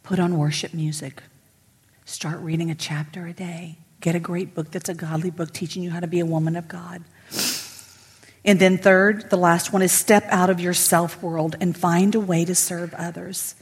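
A middle-aged woman pastor, preaching emphatically to women and swinging from loud to whispered. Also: fairly low pitch, flat delivery, moderate pace, slightly rough, in a large hall. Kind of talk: sermon to women. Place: church sanctuary.

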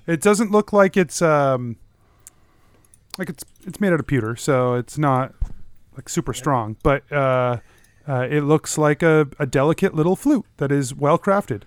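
High-voiced guy narrating a tabletop game, super animated, dry mic. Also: unhurried, clean tone, no room sound. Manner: casual, filler-heavy narration. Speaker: game master.

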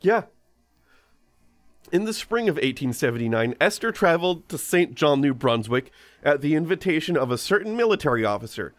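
A man's voice: on the high side, sing-song, fairly quick, dry recording. A man hosting a casual comedy podcast, reading a ghost story aloud and breaking off for joking asides.

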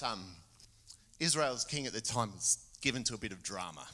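Aussie preacher guy, bright clear voice, acts out the bible quotes, church echo all around. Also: medium pitch, normal speed. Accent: Australian. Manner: expressive storytelling with acted-out quotes. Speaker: guest preacher. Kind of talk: sermon. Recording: church hall reverb.

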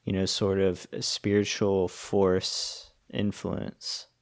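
A man's voice: deep voice, monotone, slow. A man in a casual chat, explaining his views thoughtfully with many fillers.

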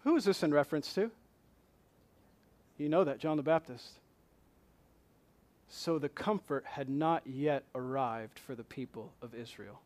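Man, pastor, sermon, fairly high pitch, animated questioning delivery. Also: measured pace, long pauses. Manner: animated, voicing questions with rising intensity.

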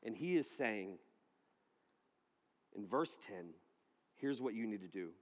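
A man's voice: fairly low pitch, slow. A man preaching to a congregation, telling a story with jokes and acting out the people in it. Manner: animated, joking storyteller who acts out the people in his story. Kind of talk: sermon with storytelling. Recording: long hall reverb.

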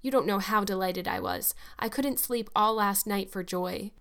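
A woman's voice: medium pitch, expressive, moderate pace, a bit bright. A woman voicing a talkative, dreamy orphan girl of about eleven who speaks in an eager, dramatic way.

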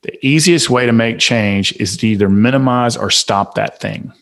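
A man with a Southern accent talks as a guest on a podcast. He preaches self-improvement with emphatic conviction and stacks up rhetorical questions. His voice sits at an ordinary middle pitch. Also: moderate pace, fairly bright tone. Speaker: guest author and speaker. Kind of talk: motivational podcast interview.

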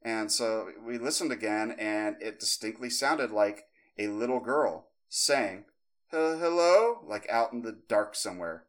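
A man's voice: on the low side, measured pace, hardly any pauses. A man in his thirties, a podcast co-host telling a long story, rambling with many fillers and restarts, and acting out the voices in it. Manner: animated, acts out voices in the story.

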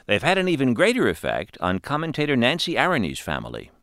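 A man hosting radio news, introducing a commentary in a measured announcer style. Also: mid-range voice, huge pitch swings, a bit bright, no room sound, studio quality.

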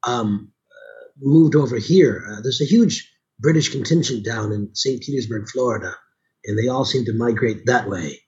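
A man's voice: mid-range voice, normal speed, darkish tone, muffled recording. A middle-aged man from Chicago, a voice actor nursing a sore throat, chatting casually with many restarts and asides. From Chicago, USA. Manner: rambling, with frequent restarts. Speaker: voice actor and audiobook narrator. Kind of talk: casual conversation.

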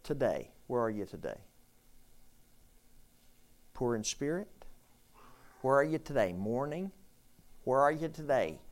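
A male pastor giving a conversational sermon. He keeps asking the room questions and waits for their answers. His pitch sits in the middle. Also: very animated, unhurried, long pauses. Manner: repeats questions, invites answers from the group. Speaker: pastor leading a discussion.

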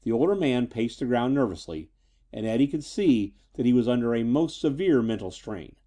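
A man narrating a scripted pulp story in an expressive, dramatic way. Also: mid-range voice, moderate pace.

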